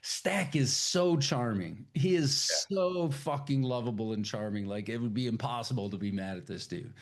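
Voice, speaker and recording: A man co-hosting a podcast, chatting casually about a film, swearing a lot and acting out the characters' lines in voices. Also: moderate pace. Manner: animated, profane, acts out character lines in high voices. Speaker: podcast co-host. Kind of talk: casual film review chat.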